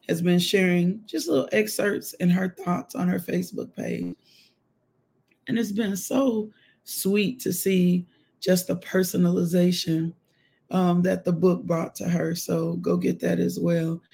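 A woman hosts a live devotional. She is emotional and exclamatory, breaking into spoken prayer and shouts of praise. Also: lowish voice, gravelly, slightly rough. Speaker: devotional host.

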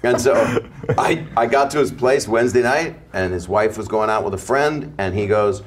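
A man's voice: fairly low pitch, normal speed, a little hiss or hum. A man casually telling a rambling comic anecdote as a talk show guest. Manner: rambling, laughing storyteller. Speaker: comedian guest.

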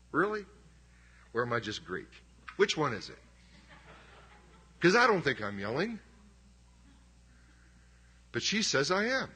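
A man's voice: on the high side, huge pitch swings, measured pace, pauses often, pushed and bright, husky. A middle-aged man preaching a sermon as pastor, conversational and emphatic, with self-deprecating humor.

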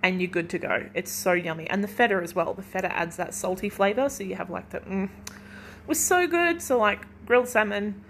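A woman's voice: mid-range voice, fairly even intonation, fairly quick, few pauses, a bit bright, slight background noise. A young woman hosting a casual solo podcast from her kitchen at home, chatting in a rambling way full of "like". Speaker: podcast host.

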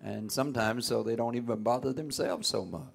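Gravelly raspy preacher man. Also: medium pitch, steady tone, fairly quick. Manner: folksy, call-and-response preaching with sudden loud outbursts. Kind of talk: sermon.

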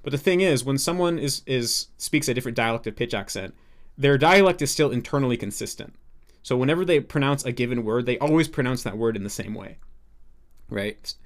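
A man's voice: mid-range voice, animated, brisk. A young man as a podcast guest, explaining earnestly and thinking aloud in a casual interview.

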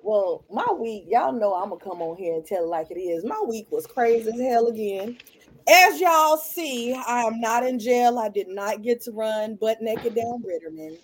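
A woman's voice: fairly high pitch, moderate pace, husky. A woman in casual podcast chat, blunt and humorous as she tells her stories.

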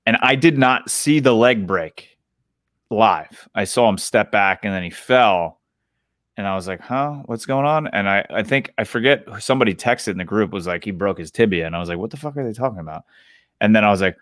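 A man co-hosting a podcast, chatting casually about sports in excitable, rambling retellings. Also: on the low side, a little fast, no room sound, studio quality. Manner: excitable, rambling retellings with short agreeing replies. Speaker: podcast co-host.

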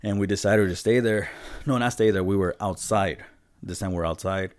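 A man's voice: low voice, moderate pace, no room sound, clean studio sound. A man co-hosting a podcast, telling stories in a loose, profane, laid-back way. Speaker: podcast co-host. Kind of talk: casual storytelling.

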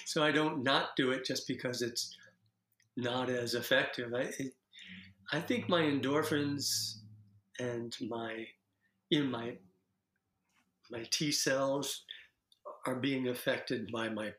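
A man talking casually about laughter practice as a guest, playful and quick to demonstrate laughs. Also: mid-range voice, fairly bright tone, roomy sound. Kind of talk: casual interview chat.

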